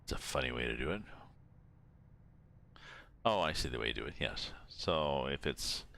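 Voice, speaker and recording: A very low, gravelly older man from Canada talks casually while he plays a driving game on stream. He rambles and thinks out loud in an easygoing way, and his voice has a bright, forward edge. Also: expressive, normal speed. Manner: rambling, chatty, thinking aloud. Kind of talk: casual chat while playing.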